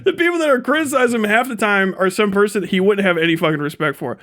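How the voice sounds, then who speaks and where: High-voiced man ranting on a livestream. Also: fast talker. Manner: profane, laughing, animated storytelling. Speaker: livestream host. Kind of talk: casual livestream rant.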